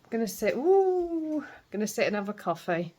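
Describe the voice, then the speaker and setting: A woman's voice: medium pitch, quick pace. Chatty Yorkshire woman vlogging. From England. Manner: chatty, laughs often. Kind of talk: casual chat.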